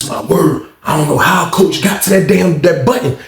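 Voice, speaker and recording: Gravelly man telling a profane story. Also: a little high, normal speed. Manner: profane, slangy, repetitive, addresses viewers. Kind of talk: casual storytelling. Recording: roomy echo.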